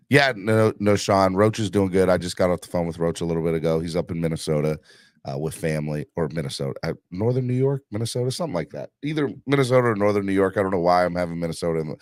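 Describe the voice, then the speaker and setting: A low-pitched man talks fast as he hosts a casual sports chat on a livestream. He's hyped up, rambling with fillers and pushing viewers for likes and donations, and the studio-quality audio has no room sound.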